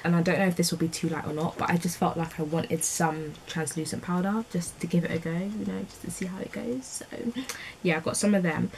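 A woman's voice: lowish voice, steady tone, fairly quick, darkish tone, a little hiss or hum, poor audio. A woman in her twenties with a London accent, rambling chattily through a beauty vlog with slangy asides. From England. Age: 20s. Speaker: beauty vlogger. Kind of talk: casual chat.

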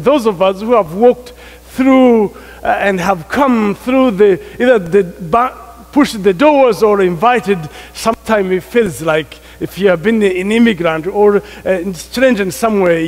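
A middle-aged man with an African accent preaching a sermon as a guest preacher, jovial and often laughing between remarks. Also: high voice. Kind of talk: sermon with prayer. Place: large church sanctuary. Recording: long reverb of a church hall.

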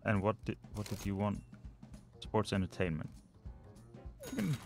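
A man's voice: on the low side, expressive, normal speed, creaky, music in the background. A man casually commenting while he plays a management game, often muttering and trailing off as he thinks aloud. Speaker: let's play host.

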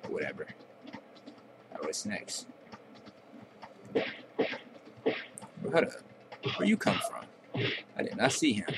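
A man's voice: fairly low pitch, wildly swooping pitch, slow, vocal fry, pauses often, background noise. A young man giving casual, profane trash-talking commentary while playing a video game. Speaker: gameplay commentator.

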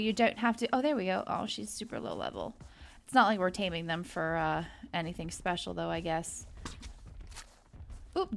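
A young woman hosting a gaming video gives casual let's-play commentary on her own gameplay. Her mid-range voice is creaky, and she's chatty, gushing over the creatures she tames.

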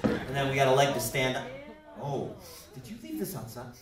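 A man's voice: medium pitch, brisk. A man with a New Jersey accent hosts a live comedy stage show, teasing and joking with the audience. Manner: joking, teasing, animated banter with laughs. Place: indoor theater stage. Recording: echoey theater from far off, loud crowd.

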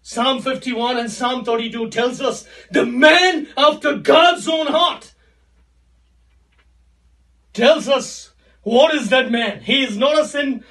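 A man preaching an impassioned sermon, often raising his voice to a shout and repeating phrases for emphasis. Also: extremely high pitch, takes it slowly, distant mic.

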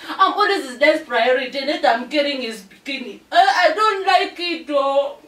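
A woman's voice: high voice, lively intonation, moderate pace, sharp tone. A woman playing a whiny, demanding pregnant mistress. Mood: pleading. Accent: Zimbabwean. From Zimbabwe. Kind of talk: comedy skit acting. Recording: roomy, distant from mic.

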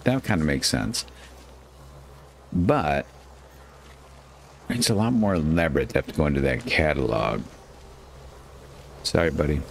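A man with a very low, deep voice talks his way through a survival game in loose, rambling commentary. He chats to his on-screen character and jokes at his own expense, with a faint hiss under the recording. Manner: chatty, self-mocking, talks to his character. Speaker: gaming channel host. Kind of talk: casual gameplay commentary. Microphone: headset.

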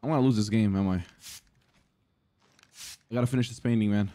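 A man streaming himself playing video games, giving excitable commentary that breaks into shouts and laughter. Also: fairly low pitch, fairly quick. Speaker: gaming streamer. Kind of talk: live-streamed gameplay commentary.

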